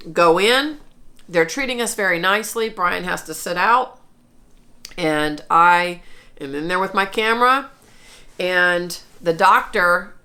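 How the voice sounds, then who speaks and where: A woman in her forties speaks to camera about her own life, earnest and chatty, often stopping to restart a thought. Her delivery is slow and unhurried. Her voice has a bright, clear edge. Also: medium pitch. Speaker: vlogger. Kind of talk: personal storytelling to camera.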